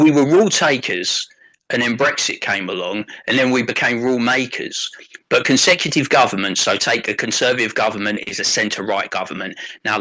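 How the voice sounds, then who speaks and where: A man's voice: on the low side, pushed and bright, low-quality recording. An English man chatting casually on a livestream as co-host, crude and joking, tossing in tag questions.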